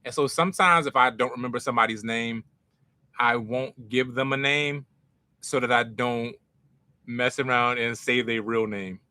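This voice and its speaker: A man's voice: medium pitch, normal speed, bright, forceful tone, no room sound. A young man from North Philadelphia with a Philadelphia accent, telling stories in a casual, self-mocking way with street slang as a podcast host. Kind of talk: casual storytelling to a live chat.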